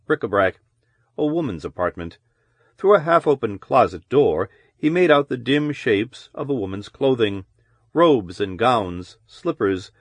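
A man giving measured, descriptive audiobook narration of a novel. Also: medium pitch, no room sound.

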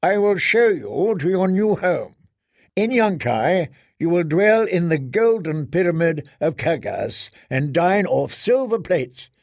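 Guy doing a creaky oily nurse, slow and sugary, soft dry sound. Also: sits high, very animated, dry recording, voice pushed up, full character voice. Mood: wheedling. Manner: slow, wheedling, coaxing. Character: oily male slave nurse, patronizing.

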